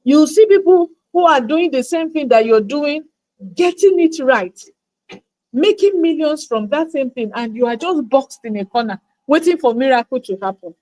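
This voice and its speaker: A woman coaches her listeners in an emphatic motivational talk. Her voice sits high, and she repeats words for stress. She acts out the doubts of her audience in quoted asides. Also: lively intonation, moderate pace, a little mellow, rough recording. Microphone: livestream mic.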